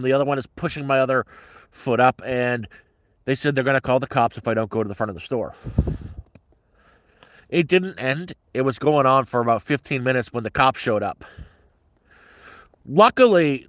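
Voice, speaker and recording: A man's voice: mid-range voice, fairly bright tone, no room sound. A middle-aged man telling a story on a casual livestream in a blunt, heavily profane, agitated way.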